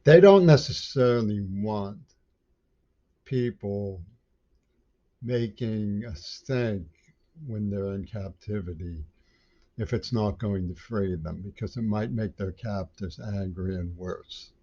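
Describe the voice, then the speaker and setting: A man's voice: on the low side, takes it slowly, dark tone. A man delivering an angry, rambling monologue that is full of stumbling restarts. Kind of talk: ranting monologue. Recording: dull lo-fi audio.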